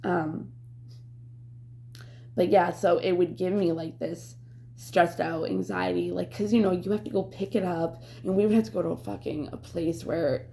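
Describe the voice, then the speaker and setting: A woman's voice: on the low side, steady tone, moderate pace, gravelly, mellow, a little hiss or hum. A young woman vlogger telling a personal story candidly, rambling and swearing, with lots of fillers. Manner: rambling, profane, full of fillers.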